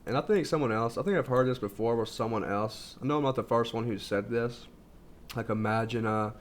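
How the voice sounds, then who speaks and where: A man's voice: medium pitch, fairly quick. A man talking casually in a rambling self-help monologue, full of fillers and restarts. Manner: informal, says "like" constantly. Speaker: video host.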